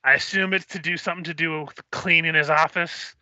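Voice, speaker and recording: Gruff, crotchety aging goblin custodian, put on by a man; bright and tense, dry lo-fi sound. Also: a little high, fairly even intonation, fairly quick, dry recording. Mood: grumbling. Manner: gruff, grumbling, swears.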